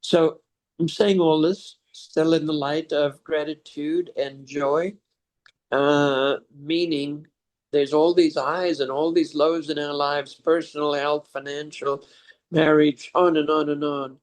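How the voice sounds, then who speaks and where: A man's voice: a little high, steady tone, slow pace. An older man telling a heartfelt story to his son, reflective and at times choked up. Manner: reflective, chokes up and laughs through tears. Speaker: father sharing life lessons.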